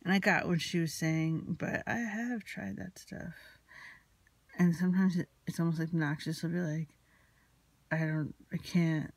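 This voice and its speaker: A woman's voice: lowish voice, fairly even intonation, a little slow, gravelly, dry recording. A woman telling a personal story in an anxious, rambling, confessional way, still emotionally shaken. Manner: anxious, rambling, retelling a quarrel with quoted dialogue. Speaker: vlogger.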